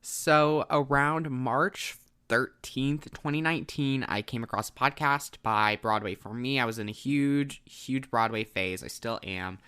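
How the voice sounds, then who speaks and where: Teen boy, solo podcast host, bright forceful voice, emotional and effusive delivery. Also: medium pitch, measured pace, smooth. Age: teens. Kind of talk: casual solo podcast monologue.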